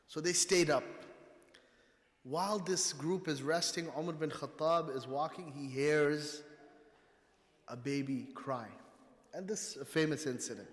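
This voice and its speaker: A man's voice: fairly high pitch, a little slow, pauses often. Urdu-speaking man preaching in a reverberant hall. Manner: storytelling, conversational preaching. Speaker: guest speaker at a mosque. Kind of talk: sermon. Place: mosque hall. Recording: long reverb of a mosque hall.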